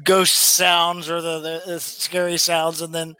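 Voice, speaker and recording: High, bright-voiced chuckling man. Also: completely flat delivery, a little slow, smooth, dry recording. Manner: amused, chuckling. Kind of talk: casual chat.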